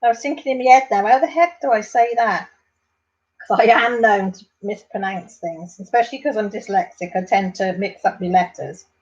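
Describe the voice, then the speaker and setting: The audio is dull as a Welsh woman, a vlogger, talks at normal speed in a mid-range voice. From home on a live stream, she chats casually and warmly, rambling on and calling her viewers by name.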